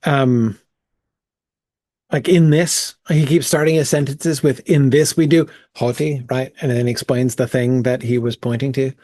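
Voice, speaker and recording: A man's voice: medium pitch, fairly even intonation, measured pace, mellow, no room sound, clean studio sound. A man leading a casual bible study, thinking aloud with frequent "um" and "right?" as he works through the text.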